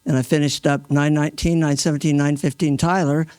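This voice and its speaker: A mail carrier in his sixties recounting a rescue at an awards event in an earnest, halting way, restarting often and acting out what people said. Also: a little high, flat delivery, a little mellow, smooth, dry recording. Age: 60s. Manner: earnest, halting, with many restarts and re-enacted quotes. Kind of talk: emotional first-person storytelling. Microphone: stage microphone.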